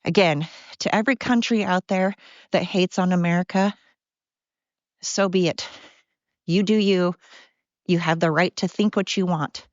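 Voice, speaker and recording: A woman's voice: fairly low pitch, measured pace, long pauses, no echo, muffled recording. A middle-aged woman hosting a podcast, out of breath as she walks outdoors in the cold, talking in a blunt, profane, sarcastic rant. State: out of breath from walking. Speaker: podcast host. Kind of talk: casual ranting monologue.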